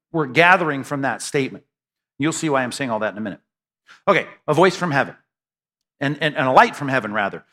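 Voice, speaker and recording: Guy pastor teaching a sermon, kinda high bright voice, chatty, lots of restarts. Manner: conversational, many restarts and asides. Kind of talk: expository sermon.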